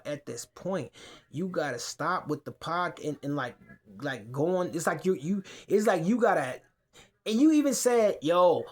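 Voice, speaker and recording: A podcast host ranting casually from the couch in his man cave. He curses freely and stumbles over repeated words as his thoughts run on. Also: high voice. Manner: profane, rambling, repeats himself. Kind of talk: casual rant to camera.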